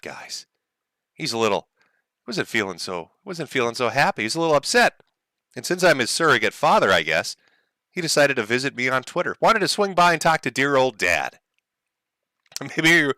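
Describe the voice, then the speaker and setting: A sarcastic male streamer mocks his subject for his chat, with a lively voice that swings up and down. His tone is bright and forward, and the recording is close and dry with no room sound. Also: medium pitch, no room sound. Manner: sarcastic, mocking, often laughing. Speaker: streamer host. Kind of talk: mocking livestream commentary.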